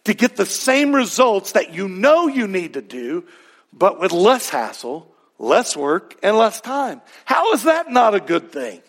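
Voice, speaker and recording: A man in middle age delivers a sermon in a high voice. He keeps it casual and conversational, throwing rhetorical questions at his listeners and fixing his words as he speaks. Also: very animated, a little slow. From Texas. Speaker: pastor.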